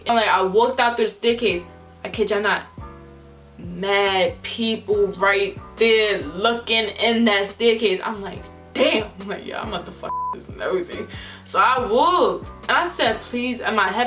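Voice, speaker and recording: A young woman vlogger telling a storytime in casual slang, acting out the people she quotes. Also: fairly high pitch. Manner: animated, slangy, acts out quotes in different voices. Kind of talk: storytime vlog.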